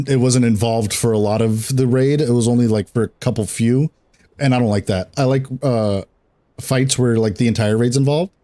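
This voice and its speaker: A man's voice: mid-range voice, dark tone. Young man streamer, casual and swearing. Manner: rambling, swears a lot, laughs often. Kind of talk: casual chat while gaming.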